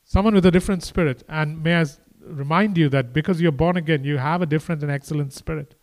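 A preacher with a high voice gives a loose, conversational sermon at a quick pace. Animated, he swings between hushed, intimate passages and emphatic, lifted ones, addressing listeners as casually as friends.

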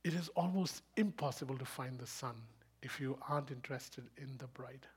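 A man preaching a sermon, fast and emphatic, asking rhetorical questions and rising into loud bursts. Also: medium pitch, slightly rough. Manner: speaks fast.

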